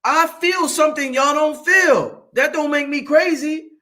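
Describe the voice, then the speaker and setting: A man, hosting a show in a loud, excitable monologue that swings up and down and breaks into laughter. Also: a little slow. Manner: loud, excitable, swings high and low, laughs often, swears freely. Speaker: show host. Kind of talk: animated livestream monologue.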